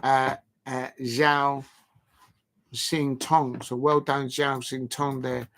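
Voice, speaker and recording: A man's voice: mid-range voice, flat delivery, slow, a bit bright, a little hiss or hum. A man hosting a casual live stream, rambling and joking, with the odd mock moan. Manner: rambling, jokey, prone to mock moaning.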